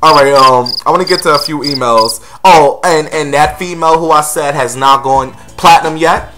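A man's voice: on the high side, normal speed, music in the background. A man hosting a casual gossip vlog, sassy and blunt, calling his viewers honey and girl.

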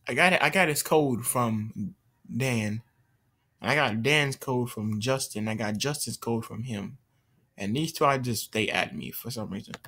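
A man's voice: mid-range voice, fairly bright tone. Rambling man narrating his gameplay. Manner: rambling, stop-start, mutters and swears at the game. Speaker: gameplay commentator. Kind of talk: casual gameplay commentary. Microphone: computer mic while screen recording.

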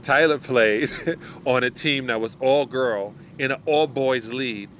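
A man's voice: mid-range voice, measured pace, slight background noise. A middle-aged man, a podcast guest, chatting casually and acting out quotes as he tells stories. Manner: animated storyteller, acts out quotes. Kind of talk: casual chat.

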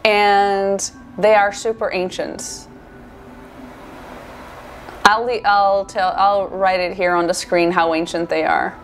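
Excitable woman, unhurried game commentary, mid-pitched, self-correcting. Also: slight background noise. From Portugal or Brazil (Portuguese-speaking). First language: Portuguese. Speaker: gaming streamer and marine biologist. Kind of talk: casual gameplay commentary.

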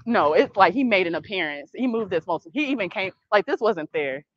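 A woman coaching a youth basketball practice, calling brisk directions and praise and gently correcting the kids. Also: medium pitch, expressive, no echo. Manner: brisk, directive calls and encouragement; patient, gentle correction of the group. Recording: dull, dry lo-fi sound.

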